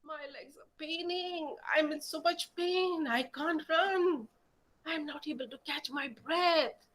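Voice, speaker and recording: A woman voicing a timid little female kitten in a storybook tale, with a high, whimpering, pleading voice. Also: slow pace, a bit bright.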